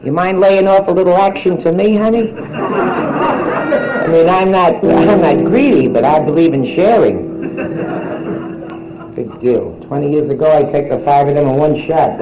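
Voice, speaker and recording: A woman's voice: sits low, animated, unhurried, long pauses. Brassy older woman doing bawdy stand-up. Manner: brassy, teasing banter with the crowd. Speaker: stand-up comedian. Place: nightclub stage. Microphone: handheld steel mic. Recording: roomy live club recording with audience.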